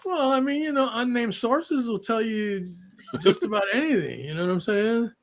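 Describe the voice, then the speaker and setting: A man's voice: very high-pitched, lively intonation, normal speed. A man co-hosting a sports podcast, blunt and slangy, laughing often between points. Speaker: podcast co-host. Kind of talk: casual sports banter.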